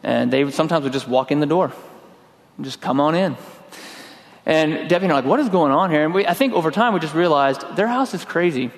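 A middle-aged man preaching a sermon in a relaxed, conversational way, telling a personal story and acting out his own lines. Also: fairly high pitch, a little fast. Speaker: pastor. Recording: long hall reverb.

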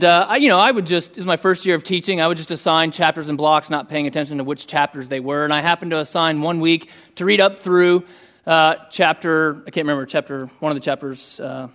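A man's voice: a little high, fairly bright tone. A man preaching a sermon, telling a story in an earnest way and reading a passage aloud. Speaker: pastor.

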